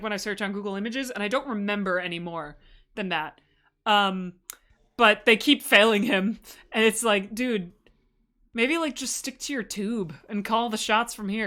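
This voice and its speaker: A woman's voice: medium pitch, bright, forceful tone. A woman giving a casual livestream presentation, rambling and enthusiastic, full of asides. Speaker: streamer presenting a fan slideshow.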